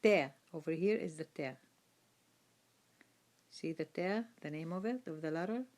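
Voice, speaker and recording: A woman teaching Quran reading in a slow lesson, patiently sounding out each letter with its vowels and repeating it. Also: low-pitched, darkish tone.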